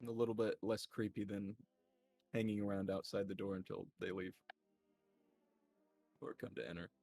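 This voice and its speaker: A man's voice: lowish voice, little pitch movement, moderate pace, a little mellow, no echo. A man playing a tabletop role-play game, speaking in character with polite, old-fashioned phrasing and some hesitation. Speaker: player.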